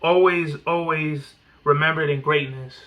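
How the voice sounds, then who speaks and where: A man's voice: on the high side, steady tone, measured pace, a bit bright. A man hosting a podcast in rambling, profane casual chat full of slang. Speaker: podcast host.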